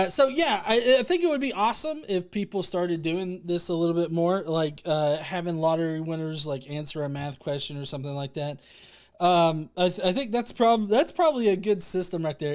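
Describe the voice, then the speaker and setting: A man with a high, clean-toned voice hosts a casual livestream, reading out viewer comments and thanking people. He jokes and swears as he rambles, restarting his sentences.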